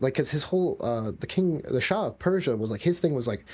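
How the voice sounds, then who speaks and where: A man's voice: lively intonation, fast talker, few pauses, a little mellow, husky. A man chatting casually on a podcast, rambling and swearing as he talks through geopolitics. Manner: profane, rambling, jumps into high mocking voices for jokes. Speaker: podcast co-host.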